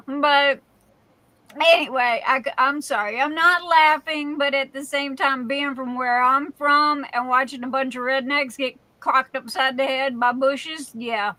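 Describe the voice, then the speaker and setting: A high, bright-toned woman hosts a relaxed live stream and takes her time, with fillers trailing between her words. Her sound is close and dry. She greets her viewers by name in a chatty, folksy way, full of playful catchphrases. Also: moderate pace, no room sound. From Louisiana, USA. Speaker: livestream host.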